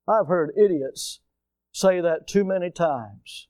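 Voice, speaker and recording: High-pitched emphatic preacher, dry sound. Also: male voice, expressive, slow, dry recording. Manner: emphatic preaching with rising shouts and sudden quiet drops. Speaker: pastor. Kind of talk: sermon.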